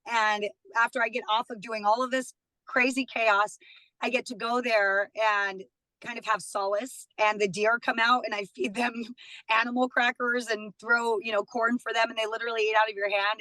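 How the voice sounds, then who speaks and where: Bright-voiced woman chatting as a guest. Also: on the high side, level tone, normal speed, no room sound, poor audio. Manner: chatty, warm, laughs often. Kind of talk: casual chat. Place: studio.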